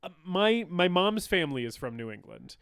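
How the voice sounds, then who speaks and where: A young man with a lively, smooth and resonant voice, co-hosting a casual film podcast. He talks in an animated way, laughs often and acts out scenes. The sound is dry and close. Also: high-pitched, normal speed, no echo. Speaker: podcast co-host.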